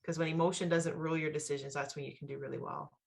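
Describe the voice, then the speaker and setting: A woman hosting a talk show in an animated way, who acts out the voices she quotes. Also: low-pitched, quick pace, vocal fry. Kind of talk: casual talk-show chat.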